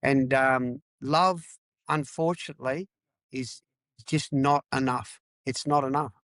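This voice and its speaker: A man's voice: medium pitch, fairly even intonation, slow, fairly bright tone, no echo. A middle-aged man from Australia, a podcast guest, talking candidly and emphatically, repeating phrases and swearing. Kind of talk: candid interview talk.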